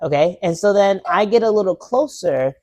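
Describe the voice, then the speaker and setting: A man's voice: sits high, moderate pace, no room sound. A man co-hosting a podcast, telling a story in casual chat, laughing often and acting out the people in it. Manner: animated, laughs often, acts out voices in stories. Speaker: podcast co-host.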